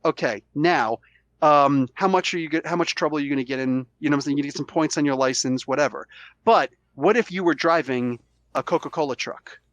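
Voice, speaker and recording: Animated sick man hosting a podcast. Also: on the high side, a little fast, no room sound, lo-fi sound. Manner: animated, argumentative, acts out quotes. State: sick with a cold. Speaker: podcast host. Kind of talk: casual debate chat.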